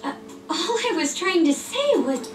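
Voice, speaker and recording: A woman's voice: very high-pitched, very animated, measured pace, heavily acted. An actress voicing an earnest, reserved teenage girl who is student council president in a video game. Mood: hesitant. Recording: roomy game audio. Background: game music.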